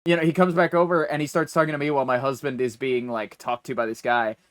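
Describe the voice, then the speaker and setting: A man co-hosting a casual podcast, telling a story in lively fashion and acting out other people's lines. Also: medium pitch, fast talker, smooth, no echo. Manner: animated storyteller acting out dialogue. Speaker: podcast co-host. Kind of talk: casual chat.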